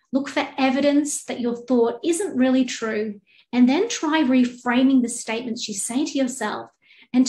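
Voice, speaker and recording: Aussie lady life coach, high voice, calm and encouraging, roomy echo. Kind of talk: scripted coaching talk. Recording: echoey room.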